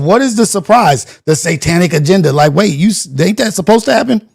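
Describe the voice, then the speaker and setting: Male show host, high voice, casual slangy reaction rant. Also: a little fast, gravelly, breathy edge. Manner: animated, slangy rant with rhetorical questions.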